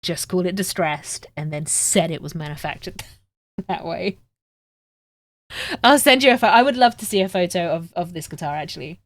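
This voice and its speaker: A woman chats on a craft stream, swearing freely and poking fun at herself. Her voice sits a little low. The sound is dry and close. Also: lively intonation, normal speed, long pauses, no room sound. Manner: chatty, self-mocking and swearing. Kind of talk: casual live-stream chat while crafting.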